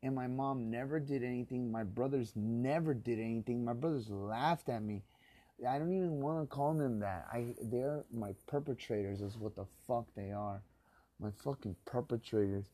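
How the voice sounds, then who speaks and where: A man's voice: medium pitch, normal speed, dark tone. A man from the Los Angeles area in a rambling solo podcast monologue, talking bitterly and with constant swearing, often rising into angry rants.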